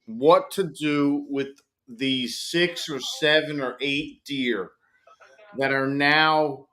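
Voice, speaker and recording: Guy on a voice chat rambling through a story, quick little asides. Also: a little high, fairly bright tone. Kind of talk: casual group voice chat.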